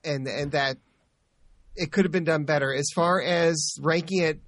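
Halting man with a dry, higher voice. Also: fairly even intonation, a bit bright, no echo. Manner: halting, stammers and repeats words. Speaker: podcast co-host. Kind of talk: casual chat.

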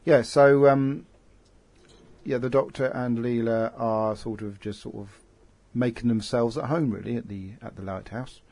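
A man's voice: medium pitch, fairly even intonation, a little slow, darkish tone. A man hosting a casual podcast chat, rambling with lots of fillers and restarts. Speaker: podcast host.

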